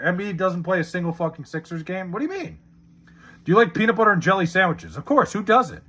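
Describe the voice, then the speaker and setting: A man's voice: sits high, big pitch swings, quick pace, fairly bright tone, slightly rough. A man casually chatting on a live stream, reading chat messages and answering with profane, sarcastic banter.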